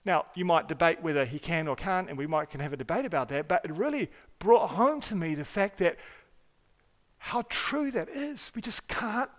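A man preaching a sermon as pastor, earnest and emphatic, often restarting words and swinging between loud stresses and quiet asides. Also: on the high side, animated, fairly quick, few pauses. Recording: hall reverb.

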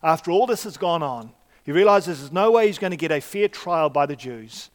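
A man preaching a sermon in a conversational way, often pausing on fillers and restarting his sentences. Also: fairly high pitch, lively intonation. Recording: long reverb of a large hall.

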